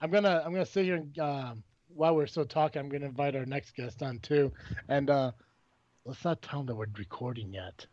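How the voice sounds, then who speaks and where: Hosting a casual podcast, a man from Illinois rambles, jokes and swears a lot in a mid-range, somewhat dark voice at a fairly quick clip. The sound is dull, dry and lo-fi.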